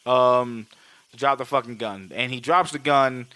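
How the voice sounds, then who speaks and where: A man co-hosting a podcast, retelling a film in a rambling, profane, animated way. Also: mid-range voice, unhurried, dry recording. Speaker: podcast co-host. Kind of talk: casual film recap chat.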